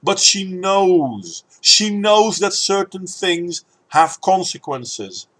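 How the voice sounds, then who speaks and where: A man talks through his own opinion commentary, pressing his points in an argumentative way. His voice sits a little higher than most men's. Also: big pitch swings, slow, fairly bright tone. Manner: argumentative, talking to camera. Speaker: video uploader.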